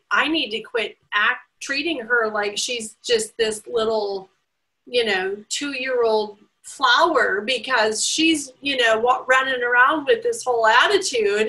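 Chatty woman host, high bright voice, gushes a lot, casual interview. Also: poor audio. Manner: gushing, chatty, filler-heavy.

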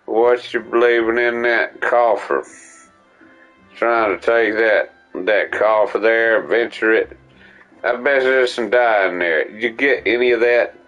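A man's voice: on the low side, unhurried, fairly bright tone, highs cut off, soft background music, pitched below the performer's own voice. A man putting on an exaggerated, run-together folksy drawl while he plays a game. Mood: rambling.

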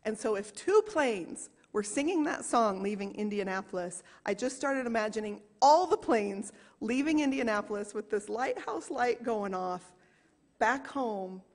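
Woman sharing an earnest church testimony. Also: on the high side. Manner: earnest, storytelling, slows down to stress moments. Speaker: church volunteer small group leader. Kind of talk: personal testimony to a congregation. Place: church sanctuary. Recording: reverberant church hall.

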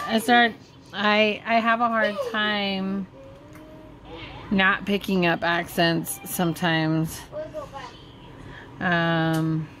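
A woman's voice: mid-range voice, fairly bright tone, slight background noise. A woman hosting her vlog in casual chat, teasing and playful. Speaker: vlog host.

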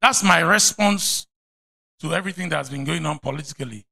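Nigerian pastor guy preaching, rough gravelly voice, kinda husky, teasing his congregation. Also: fairly high pitch, fairly quick. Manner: animated, mocking and preachy. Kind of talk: sermon. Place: church.

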